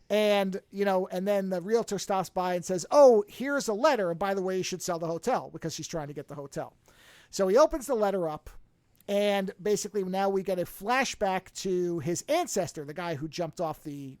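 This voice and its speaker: A podcast host retells a film in a loose, chatty way, dropping into quick put-on voices for the characters' lines. The sound is dry and close to the mic. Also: medium pitch, clean tone, no echo. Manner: animated, acts out quotes with shifting voices. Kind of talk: casual retelling of a movie plot.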